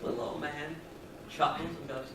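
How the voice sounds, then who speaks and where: A man's voice: a little high, fairly even intonation, normal speed. A man giving an emphatic, folksy campaign speech at a public event. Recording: echoey room, mic far off, crowd noise.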